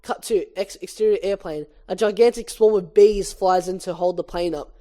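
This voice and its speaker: A woman reads a screenplay aloud, moving through the stage directions in a brisk, matter-of-fact tone. Her delivery is plain and practical. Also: medium pitch, mellow. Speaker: reader.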